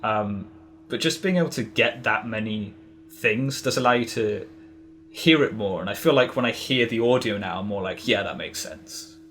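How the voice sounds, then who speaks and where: A man's voice: on the low side, normal speed, a bit bright, a little hiss or hum. A man chatting casually as a podcast guest, rambling with lots of fillers and restarts. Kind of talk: casual interview chat.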